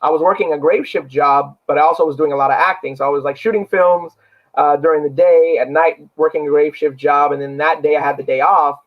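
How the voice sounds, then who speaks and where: A man's voice: on the high side, steady tone, brisk. A man, an actor and paranormal investigator, telling a story in a casual interview in an earnest, rambling way with many fillers. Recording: dull lo-fi recording.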